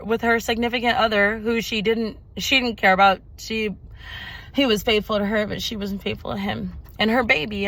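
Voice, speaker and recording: A fairly high, fairly bright female voice belongs to a spiritual vlogger sharing an emotional personal testimony. Talking straight to her viewers, she curses openly, repeats herself for emphasis, and slides into preaching.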